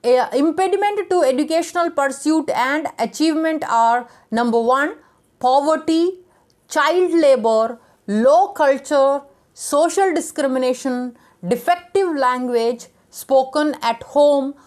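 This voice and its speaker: A woman's voice: sits high, unhurried, darkish tone. A woman teacher giving an education lecture, reading out numbered points with occasional fillers and restarts.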